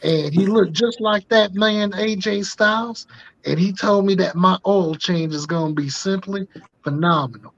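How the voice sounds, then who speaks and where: A man's voice: sits high, measured pace, fairly bright tone, no echo, highs cut off, voice pushed up, full character voice. A man putting on a folksy Southern dad on a voicemail. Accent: Southern US, put on. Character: middle-aged Southern white father leaving voicemails, folksy.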